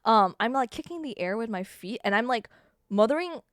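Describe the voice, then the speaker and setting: A woman streamer tells stories to her chat, laughing often and swearing freely. Her voice sits a little high and swoops up and down with a lot of expression. The sound is close and dry, with no room echo. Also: fairly quick. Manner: animated storytelling with frequent laughs and swearing. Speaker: live streamer. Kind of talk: casual chat to stream viewers.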